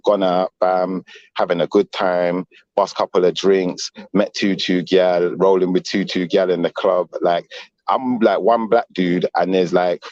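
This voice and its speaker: Deep-voiced man telling a street story. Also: measured pace, no echo, highs cut off. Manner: animated street-slang storytelling. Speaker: panel guest. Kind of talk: casual storytelling.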